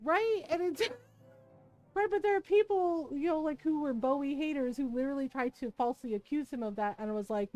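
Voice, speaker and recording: A woman streamer chatting casually with her live viewers, animated and swearing often, with frequent laughter. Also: high voice, normal speed, soft background music.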